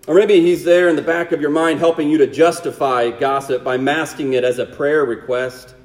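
High-voiced man preaching in a reverberant hall. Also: fairly even intonation, moderate pace, hardly any pauses. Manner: rhetorical tag questions, drops to a hushed low voice for emphasis. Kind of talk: sermon.

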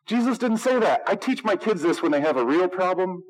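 A man preaching a sermon in a light, high voice, talking to his congregation in a loose, conversational way. He slips into sarcasm and acts out the voices he quotes. The sound comes across like a radio broadcast. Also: expressive, brisk, rough recording. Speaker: pastor.

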